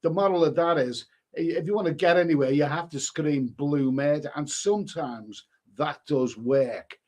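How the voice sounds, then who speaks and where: A man's voice: on the high side, normal speed, darkish tone. A man hosting a casual live stream, reading viewer comments aloud and answering them with rambling, chuckling asides and many restarts.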